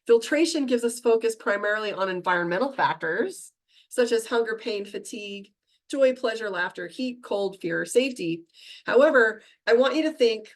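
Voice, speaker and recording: A middle-aged woman teaching a meditation class, talking fast and chatty and laughing at herself. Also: on the high side, lively intonation.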